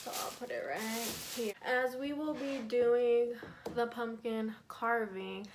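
A young woman, chatting casually and relaxed on her vlog, with lots of fillers. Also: a little high, slow, a little hiss or hum, poor audio. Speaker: YouTuber. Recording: music playing behind the voice.

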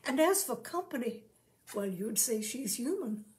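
A woman's voice: a little high, very animated, unhurried, a little mellow. A woman voicing a shy, polite young man who travels as a showman, speaking in rustic, folksy turns of phrase.

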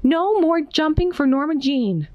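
A woman voicing an eager little girl who loves jumping, in a high exclaiming voice for a storybook reading. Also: animated, measured pace, highs cut off, a little hiss or hum. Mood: stubborn.

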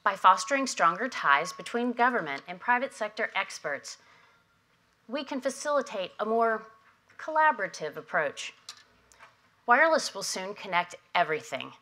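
A woman delivering prepared opening remarks at a conference, measured and emphatic, at a podium microphone. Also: medium pitch, sing-song, pushed and bright. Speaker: industry association head giving opening remarks. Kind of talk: prepared keynote speech. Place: conference hall.

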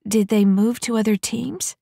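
A woman's voice: fairly high pitch, fairly even intonation, moderate pace, gravelly, mellow, no echo, clean studio sound, voice pushed up. A woman voicing a nervous young female recruit in a mech body, asking hesitant, timid questions in an audiobook.

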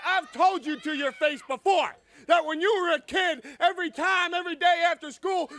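A man's voice: extremely high pitch, sharp tone. A young man, a wrestling manager, cutting a heated, sarcastic promo full of taunts.

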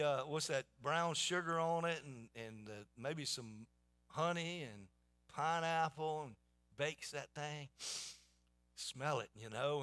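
A pastor preaches to his congregation, telling a homely story with loose, repeated starts. His voice sits a little high and rings bright and forceful. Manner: folksy storytelling with many restarts. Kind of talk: sermon.

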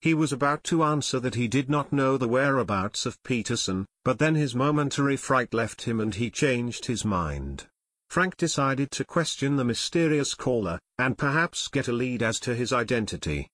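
Male audiobook narrator, steady, mid-pitched, dry close studio sound. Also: moderate pace, no room sound. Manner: steady storytelling. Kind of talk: scripted narration.

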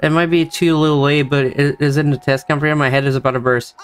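A man's voice: on the high side, little pitch movement, clear, resonant tone. A young man reading a visual novel's dialogue aloud for the characters, with joking asides of his own. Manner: plays each character in quick shifts of voice, joking asides. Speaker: gameplay narrator.

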